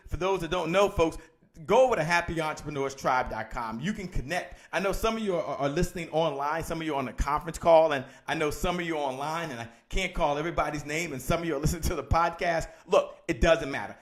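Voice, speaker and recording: A man hosting a live-streamed motivational sales coaching session, energetic and repetitive, calling out viewers by name. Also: fairly high pitch. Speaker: host.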